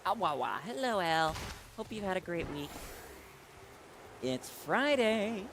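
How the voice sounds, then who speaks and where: A man's voice: sits high, very animated, slow pace, background noise. A man streaming a video game live, chatting casually and reading viewers' messages aloud with many fillers and restarts. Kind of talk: casual live-stream chat while playing.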